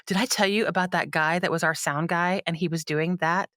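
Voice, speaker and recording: A woman co-hosting a comedy podcast, chatting playfully and jumping into silly voices for quick bits. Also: fairly even intonation, a bit bright, no echo, clean studio sound. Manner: playful, trades lines and bits, sudden pitch jumps into silly voices. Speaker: podcast co-host, gigging singer. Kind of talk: casual comedic chat.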